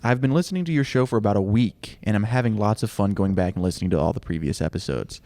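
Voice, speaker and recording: A man with a fairly low voice reads listener mail on a casual podcast. He takes quoted lines slowly and deliberately. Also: expressive, dark tone. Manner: reads letters aloud, slows down for quotes. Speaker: podcast co-host reading listener letters. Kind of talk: casual chat.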